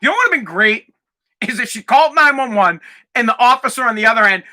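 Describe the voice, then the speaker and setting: A man hosting a podcast, delivering a heated, profane rant that sometimes rises to shouting. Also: extremely high pitch, lively intonation, fast talker. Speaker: podcast host. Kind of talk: ranting podcast monologue.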